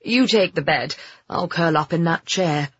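A man's voice: on the high side, a little slow, a bit bright, slightly rough, dry recording, muffled recording, full character voice. A narrator voicing a polite, shy young man in an audiobook, close to the narrator's own voice. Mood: earnest. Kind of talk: audiobook character voice.

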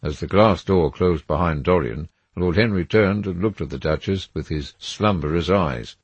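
A man reading a classic novel aloud in expressive, measured scripted narration. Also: low voice, slightly rough, no echo, dull audio. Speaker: audiobook reader.

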